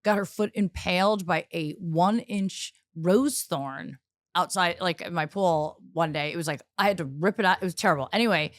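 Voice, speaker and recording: A woman's voice: lowish voice, normal speed, dry recording. A middle-aged woman, a comedian, telling stories in a casual podcast chat with lots of laughter. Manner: animated, laughing comic storytelling. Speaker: guest comedian.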